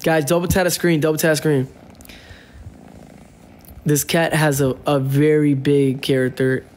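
A man's voice: a little high, level tone, a little slow, a little mellow, echoey room. A man livestreaming from home, pleading with viewers over and over and thanking them by name. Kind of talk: casual livestream chat. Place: home room.

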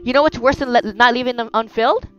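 A woman hosting a gameplay video, chatting casually and crying out in excitement whenever danger strikes. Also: a little high, fast, muffled recording, faint music behind. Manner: excitable, yelps and cries of no at danger. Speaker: gaming video host. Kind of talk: casual Minecraft gameplay commentary.

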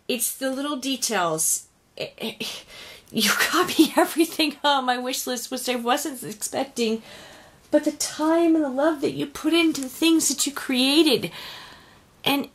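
A woman opening a craft gift box on her home unboxing vlog, gushing and softly exclaiming as she films in her craft room on a camera on a tripod. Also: a little high.

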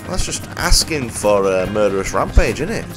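A man's voice: lowish voice, sing-song, normal speed. A man with a Yorkshire accent giving rambling, casual commentary while streaming a game, swearing freely and chatting to viewers. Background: game music.

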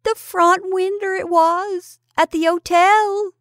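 A woman's voice: extremely high pitch, fairly even intonation, takes it slowly, dry recording, studio quality, pitched above the performer's own voice. A woman voicing a terrified small village boy with a rustic English dialect, howling and breathless. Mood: frightened. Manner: howling, breathless, dropped consonants.

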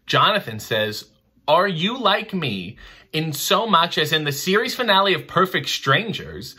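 A man's voice: a little high, big pitch swings, a little slow, sharp tone, slightly rough. A man hosting a question-and-answer video, reading viewer questions and answering with dry, theatrical, mock-pompous humor. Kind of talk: casual chat.

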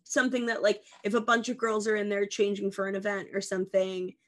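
A woman's voice: mid-range voice, fairly even intonation, fast, fairly bright tone. A woman in her twenties co-hosting a podcast, chatting casually and rambling playfully through goofy tangents. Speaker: podcast co-host. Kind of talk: casual comedic chat.

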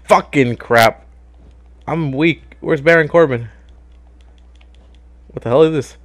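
A young man giving casual gameplay commentary as a YouTuber, excitable, swearing and yelling at the game. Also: a little high, slow pace. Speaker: gaming YouTuber.

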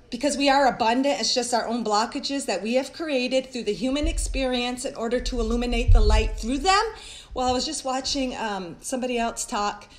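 A woman's voice: fairly high pitch, rough recording. A woman hosting a live-streamed spiritual talk, speaking earnestly in long, flowing strings of repeated phrases and calling her viewers guys. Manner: earnest and heartfelt.

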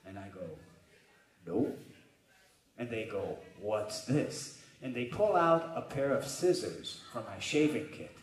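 A man in a band telling a profane, animated story from the stage between songs at a live concert. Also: medium pitch, normal speed, hardly any pauses. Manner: profane, animated anecdote with acted-out quotes. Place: live music venue stage. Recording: echoey live room sound.

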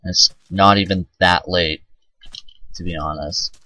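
A man's voice: sits low, fairly even intonation, slow pace, pushed and bright, dry recording, lo-fi sound. A man casually commenting on his own gameplay, rambling and self-mocking and swearing often. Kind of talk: casual let's-play commentary.

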